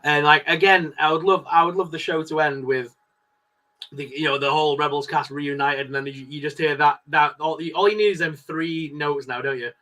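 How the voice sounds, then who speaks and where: A man co-hosting a casual live stream, talking excitedly and laughing often. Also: fairly high pitch, moderate pace. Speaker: co-host.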